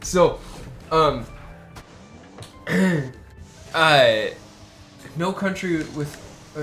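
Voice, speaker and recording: This American streamer has a somewhat high, slightly bright voice. His casual chat wanders along, packed with fillers and frequent restarts.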